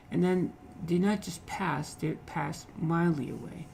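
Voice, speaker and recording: Male lit teacher, gravelly fry voice, halting, repeats phrases, faint background hiss. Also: on the high side, fairly even intonation, darkish tone, poor audio. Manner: repeats phrases, frequent "okay?" checks, halting restarts. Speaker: literature teacher. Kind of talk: explaining a poem in a lecture.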